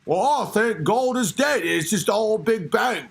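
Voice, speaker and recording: A man doing a mocking impression of a famous physicist's speech-synthesizer voice, flat and mechanical. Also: a little high, drawn-out words, clear, resonant tone, pitched below the performer's own voice, exaggerated voice. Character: robotic computer-voiced male physicist, flat and slow.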